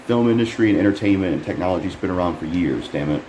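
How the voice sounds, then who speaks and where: A man casually reviewing a trailer, rambling and frustrated, swearing often and jumping up in pitch when he can't believe what he sees. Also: expressive, quick pace, mellow. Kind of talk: casual profane commentary. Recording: echoey room with faint air conditioning hum.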